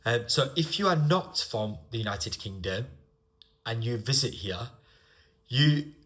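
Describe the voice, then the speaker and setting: A man with a northern English accent, giving an online English lesson with slow, deliberate explanations. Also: medium pitch, bright, forceful tone. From northern England. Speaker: English teacher.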